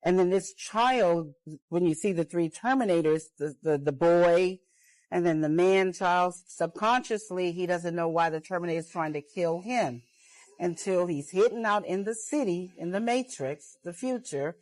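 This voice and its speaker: A woman's voice: on the low side, normal speed, darkish tone, dry recording, rough recording. A woman earnestly laying out a long theory, linking one idea to the next as she tells it like a story. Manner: earnest, building a long chain of ideas.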